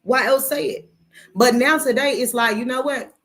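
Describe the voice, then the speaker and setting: A woman's voice: sits high, fairly even intonation, normal speed, fairly bright tone. A middle-aged woman who reads tarot, chatting on a live stream in a sassy, blunt way, swearing freely and calling listeners baby. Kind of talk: casual live-stream talk.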